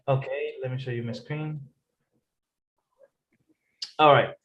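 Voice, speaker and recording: A man's voice: medium pitch, fairly even intonation, very slow, fairly bright tone, muffled recording. A man tutoring English over a video call, explaining patiently and repeating key points. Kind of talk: online tutoring session.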